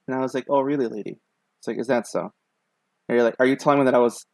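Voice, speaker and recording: A man's voice: medium pitch, steady tone, racing, creaky, pauses often, darkish tone, no echo, rough recording. A young man streaming while he draws, telling a long story in a loose, rambling way with lots of fillers. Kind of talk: casual chat while drawing.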